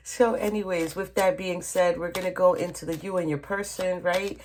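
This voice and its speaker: A woman with a notably low voice talks her way through a tarot reading at a table. She speaks casually and directly to the listener, often checking in with "okay?" and calling them "honey". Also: fairly even intonation, measured pace, background noise. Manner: chatty, addresses viewer directly, frequent "okay?" and "honey". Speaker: tarot reader.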